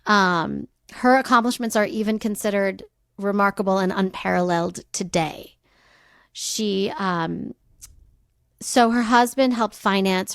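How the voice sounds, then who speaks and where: A woman co-hosts a podcast, walking through a life story in a loose, chatty way. She drifts into slangy, joking side remarks. Her voice has a gravelly, fried edge, and it sits in a dry, close room. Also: medium pitch, dry recording. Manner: chatty, laughing asides, slangy. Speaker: podcast co-host. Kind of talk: casual storytelling chat.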